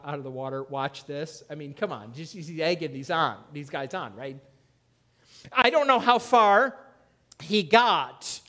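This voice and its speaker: A male pastor preaching a conversational sermon, acting out quoted lines with a raised, louder voice. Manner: conversational preaching, acts out quoted voices with rising pitch and loudness. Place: church.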